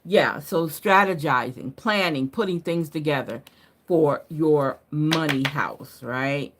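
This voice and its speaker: A woman hosts a live card reading in a loose, chatty way, tagging nearly every point with "right?" or "okay?". She laughs off her own mix-ups. Her pitch jumps up when she gets excited and settles lower and softer as she goes on. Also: slow pace. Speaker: card reader.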